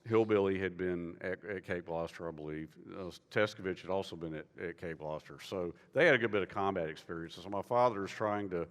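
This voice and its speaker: A man's voice: low-pitched, a little fast, few pauses. A male author telling a war story in a loose, conversational way, full of fillers and restarts. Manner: rambling, many fillers and restarts. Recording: long reverb of a hall.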